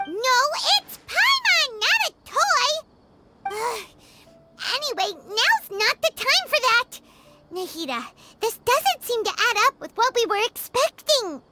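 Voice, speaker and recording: A woman voicing a tiny excitable fairy companion who talks about herself in the third person, in a video game. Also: measured pace, over loud music, exaggerated voice. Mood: excited. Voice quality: high squeaky childlike voice.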